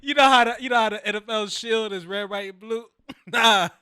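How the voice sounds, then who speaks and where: A man's voice: sits high, fairly quick, sharp tone. A man co-hosting a podcast in casual chat, joking and playful and laughing a lot. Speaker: podcast co-host.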